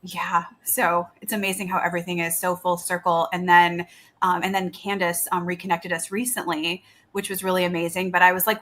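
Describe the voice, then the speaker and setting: A woman's voice: lowish voice, flat delivery, brisk, fairly bright tone. A middle-aged woman, a psychic medium guest, chatting in a friendly, earnest way. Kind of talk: casual interview chat.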